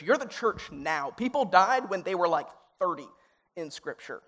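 A man's voice: high-pitched, normal speed, bright, forceful tone. A young adult man, a youth pastor, preaching in a conversational, earnest way that grows emotional and pleading. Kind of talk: sermon. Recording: reverberant hall sound.

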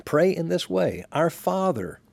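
A man, a pastor, talking as a podcast guest in a relaxed, reflective way, sharing stories unhurriedly and often restarting his sentences. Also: fairly high pitch, unhurried, gravelly, no room sound. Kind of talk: relaxed conversational storytelling.

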